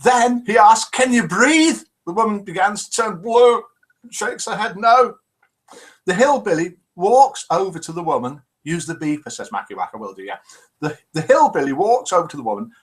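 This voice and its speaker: A man's voice: sits high, expressive, normal speed. Chatty man hosting a live show. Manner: chatty, jokey and teasing. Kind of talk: live chat show reading viewer comments and telling jokes.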